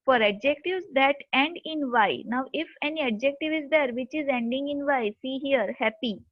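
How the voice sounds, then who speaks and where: A woman's voice: sits high, normal speed, dry recording. A woman teacher explains a grammar lesson step by step, spelling words out letter by letter. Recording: dull lo-fi dry recording.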